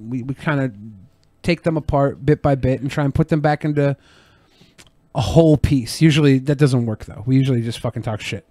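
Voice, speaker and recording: A man's voice: mid-range voice, fairly quick, warm tone, no room sound. A man co-hosting a podcast who rambles through joking stories and swears often. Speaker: podcast co-host. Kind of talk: casual show chat.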